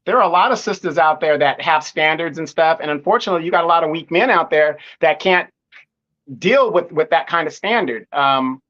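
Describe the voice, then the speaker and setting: A man with a notably high voice argues his point with conviction, often doubling back on his first words before he finds the sentence. His audio comes through muffled and lo-fi, like a remote call. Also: lively intonation, brisk, pushed and bright. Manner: repeats words when starting a point, firm and opinionated. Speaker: guest commentator. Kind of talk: live online discussion.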